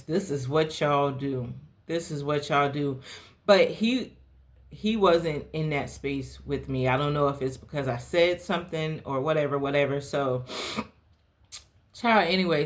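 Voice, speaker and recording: A young adult woman from the South Carolina Lowcountry, hosting a podcast and telling a personal story in a candid, animated way. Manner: animated, candid, dramatic pitch swings. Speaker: podcast host.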